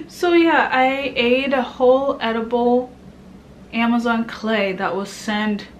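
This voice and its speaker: A pregnant woman from Kenya vlogging in a chatty, animated way, now and then dropping to a hushed murmur. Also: on the high side, takes it slowly, a little hiss or hum. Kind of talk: casual chat to camera.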